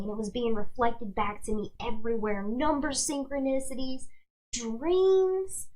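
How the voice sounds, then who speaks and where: A woman's voice: a little high, measured pace, a little mellow, slight background noise, poor audio. A young woman hosting a casual livestream who tells stories in a chatty way, full of "like" and "y'all". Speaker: host and tarot reader.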